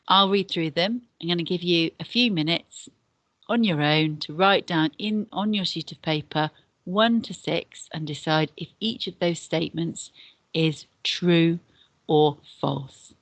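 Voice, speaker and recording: A woman's voice: fairly low pitch, measured pace, dry recording. A woman teacher giving a recorded beginner language lesson, explaining patiently and step by step, often repeating words to pupils. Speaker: deputy head and Spanish teacher.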